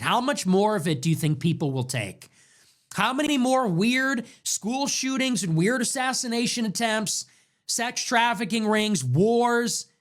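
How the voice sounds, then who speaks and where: A young man hosting his own show, delivering an impassioned political commentary monologue full of rapid rhetorical questions. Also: high voice, fairly bright tone. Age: young adult. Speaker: show host.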